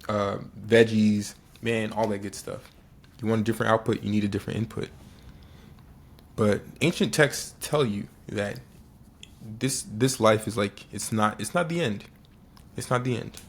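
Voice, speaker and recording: A young man with a fairly low voice speaks directly to the listener in a casual motivational monologue. Earnest and repetitive, he restarts phrases and says key lines twice to hammer them home.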